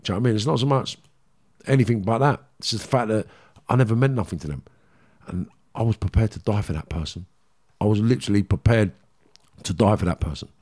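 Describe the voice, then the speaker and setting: A man's voice: lowish voice, quick pace, a little mellow. Middle-aged London man, ex-gangster interview guest, blunt, raw and emotional. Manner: emotional, blunt, swears freely, acts out dialogue. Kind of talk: candid interview storytelling.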